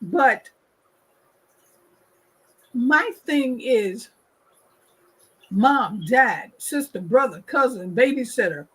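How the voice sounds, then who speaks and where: Husky high voiced woman host, talks slow and emphatic, says her points over and over. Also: expressive, a bit bright, poor audio. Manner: emphatic, repeats points, acts out quoted people. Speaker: talk show host. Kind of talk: opinionated casual discussion.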